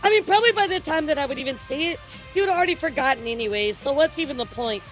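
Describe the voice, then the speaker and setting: A woman's voice: sits high, animated, rapid-fire, faint music behind. A woman hosting a casual livestream news show, chatty and teasing, often breaking into laughter. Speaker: streamer and news host.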